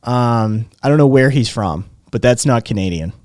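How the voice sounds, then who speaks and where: A man's voice: medium pitch, animated, normal speed, a little mellow, no echo. A man acting as stream host, commenting with dry, mocking asides. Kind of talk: sarcastic commentary.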